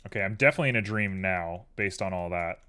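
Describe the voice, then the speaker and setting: A man's voice: deep voice, fast talker, pushed and bright, smooth. A tired man chatting casually and rambling drowsily on a live stream while he works on a 3D model at his computer.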